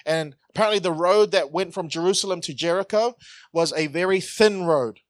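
A man's voice: high voice, a little fast, no echo. A man preaching a conversational sermon, joking and asking the congregation questions. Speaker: pastor.

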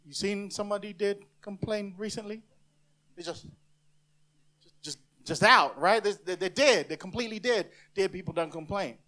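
A man from New Zealand preaches to a congregation in a church. His voice sits high, and his delivery is emphatic, with playful asides where he acts out the voices of the people he is talking about. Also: normal speed, pushed and bright. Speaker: pastor. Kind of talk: sermon.

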